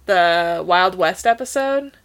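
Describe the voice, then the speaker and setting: A woman's voice: lowish voice, expressive, slow pace, fairly bright tone. A woman co-hosting a podcast in casual chat, talking loosely with many fillers and frequent laughs. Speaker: podcast co-host. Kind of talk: casual chat about a cartoon.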